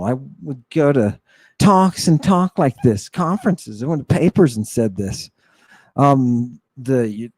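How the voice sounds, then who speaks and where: A man hosting a live lecture for viewers, talking in a theatrical, mocking, preacher-like way and stressing his words slowly. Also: a little high, a little mellow, dry recording. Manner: slow and emphatic. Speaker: host.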